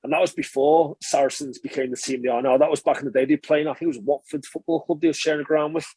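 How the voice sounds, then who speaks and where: A fast, chatty man in his thirties tells stories from his rugby days, his voice slightly husky and pitched a touch high for a man. He wanders through memories with fillers and restarts, sounding close to the mic in a dry, dead room. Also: steady tone, dark tone, no echo. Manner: chatty, rambling recollection, frequent filler and self-correction. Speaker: former professional rugby player, podcast guest. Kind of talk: relaxed interview storytelling.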